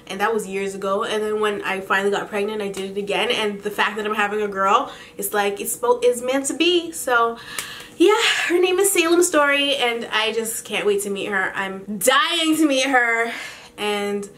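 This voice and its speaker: A woman's voice: mid-range voice, fairly bright tone, a little hiss or hum. A young woman chatting candidly to her camera as a vlogger, talkative and swearing casually. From Canada. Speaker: beauty vlogger.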